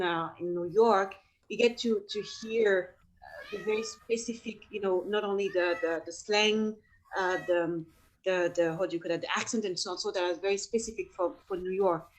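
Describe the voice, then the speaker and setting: Woman, french accent, panel moderator, mid pitch, thoughtful, restarts.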